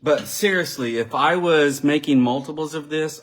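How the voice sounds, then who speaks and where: A man's voice: medium pitch, expressive, moderate pace, few pauses. A man giving a live card-making demonstration, chatting and thinking aloud as he works and talking directly to his viewers. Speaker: crafting demonstrator.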